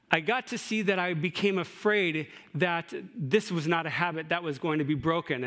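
A middle-aged pastor with a slightly bright voice on the high side preaches a sermon conversationally. He sprinkles in asides and rhetorical questions.

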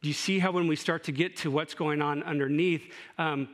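A man's voice: a little high, steady tone, fairly quick, a bit bright. A middle-aged man preaching a sermon in a conversational way, with asides and rhetorical questions. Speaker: pastor.

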